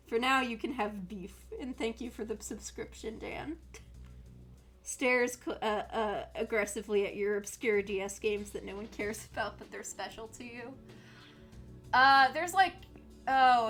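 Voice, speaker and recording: A woman's voice: on the high side, a bit bright. A woman in her twenties streaming a game, chatting casually, laughing often and answering chat.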